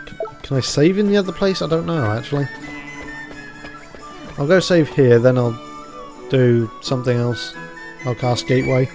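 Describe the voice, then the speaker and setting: A man hosting a let's play, casually thinking aloud about what to do next in the game. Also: medium pitch. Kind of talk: casual gameplay commentary.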